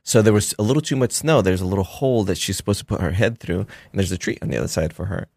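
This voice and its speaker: A man's voice: low voice, fast talker, vocal fry, darkish tone, no echo, studio quality. A middle-aged man, a filmmaker guest, telling stories in casual chat, rambling with many fillers and restarts.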